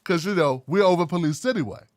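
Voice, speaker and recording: Male political commentator, fairly high voice, blunt and animated, dry close sound. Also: fast talker, no echo. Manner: blunt, animated, wry asides. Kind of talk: casual solo commentary.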